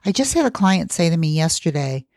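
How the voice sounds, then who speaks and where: Middle-aged woman podcast coach, earnest, fairly low voice, dry booth sound. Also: very animated, brisk, darkish tone, no echo. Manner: earnest, coaching, asks listeners rhetorical questions. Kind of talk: solo podcast talk.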